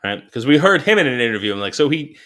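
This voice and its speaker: Male co-host, casual and animated, pitch jumps around as he retells his reactions. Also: quick pace. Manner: animated, laughing, mimics his own reactions. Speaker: podcast co-host. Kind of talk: casual chat.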